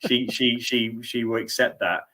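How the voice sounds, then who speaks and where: A middle-aged British man hosts a sports show, chatting casually in a studio interview and repeating words as he thinks aloud. His mid-range voice is bright and forceful, steady in tone and moderate in pace, with a little hiss or hum in the recording.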